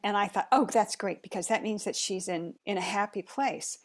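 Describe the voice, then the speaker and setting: A middle-aged woman chatting casually, reflective and unhurried, with soft laughs. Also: mid-range voice. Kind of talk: casual chat.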